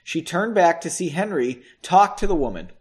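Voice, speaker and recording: A man's voice: a little high, very animated, normal speed. A man reading a novel chapter aloud, with casual asides in between. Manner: chatty asides, swears and laughs between passages. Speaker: audiobook reader.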